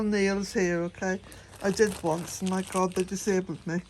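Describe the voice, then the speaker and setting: A woman's voice: mid-range voice, little pitch movement, moderate pace, darkish tone. An Irish woman chatting casually to camera outdoors at her cottage garden, rambling and laughing often, a bit out of breath. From west of Ireland.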